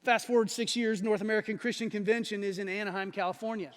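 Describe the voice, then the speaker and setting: High-voiced man preaching in a reverberant church. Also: quick pace. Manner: animated storyteller who acts out the people he quotes. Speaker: pastor. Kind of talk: sermon with personal storytelling. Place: church sanctuary. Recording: long reverb of a church hall.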